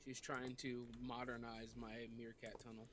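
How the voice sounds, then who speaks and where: A man's voice: mid-range voice, completely flat delivery, moderate pace, fairly bright tone. A man chatting casually with a friend on a call, joking and swearing freely. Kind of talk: casual banter.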